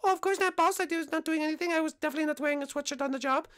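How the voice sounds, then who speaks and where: A woman's voice: high-pitched, very fast, a bit bright. Woman doing a flustered young army guard. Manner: flustered, silly, protesting.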